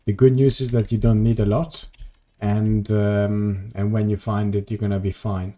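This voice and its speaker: A man's voice: lowish voice, little pitch movement, normal speed, warm tone. A tired man chatting casually on a live stream as he plays, rambling and answering his viewers' messages. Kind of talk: casual live-stream chat while gaming.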